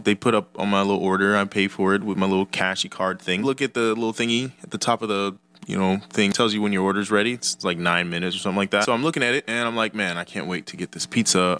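A man's voice: lowish voice, bright, forceful tone. A young man telling a casual, rambling story with profane, exasperated asides, as a storytime YouTuber.

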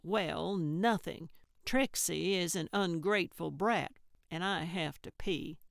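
Woman reading a cranky old lady detective: snappy, indignant, low, unhurried. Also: creaky, dry recording, clean studio sound. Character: blunt cantankerous old woman sleuth.

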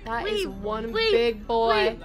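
A woman's voice: a little high, very animated, slow, loud music behind the voice. A young woman hosting a reaction video, gushing and giggling over pets as she comments on them. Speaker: host reacting to pet videos.

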